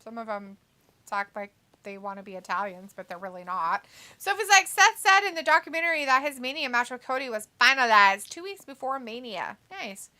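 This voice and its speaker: A woman's voice: a little high, brisk, sharp tone. A woman co-hosting a casual livestream, reading chat messages aloud and laughing often. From United States. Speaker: co-host reading live chat.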